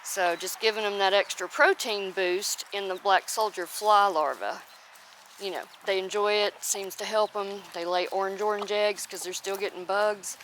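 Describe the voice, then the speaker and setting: A woman's voice: medium pitch, fairly even intonation, moderate pace, fairly bright tone, slight background noise. A woman homestead vlogger chatting casually through her chores outdoors, often breaking off to coo at her chickens by name. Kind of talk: casual chat while doing farm chores. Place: outdoors at chicken and rabbit pens.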